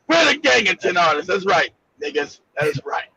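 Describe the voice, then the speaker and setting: A man giving brash, mocking casual commentary, loud and profane, laughing often and breaking into shouts. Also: high-pitched, very animated, normal speed, creaky, slight background noise. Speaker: co-host. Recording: slightly dull lo-fi sound.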